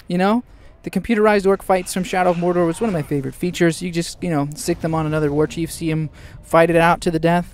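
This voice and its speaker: A man hosting a casual game news show, excitable and jokey, tossing in quick asides. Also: sits high. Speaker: gaming news host.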